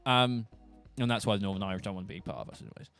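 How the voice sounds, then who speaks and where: A man's voice: on the low side, very fast, fairly bright tone, smooth, soft background music. A young man from England with a Southern English accent, joking and rambling in a casual monologue. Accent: Southern English, Buckinghamshire. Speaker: streamer.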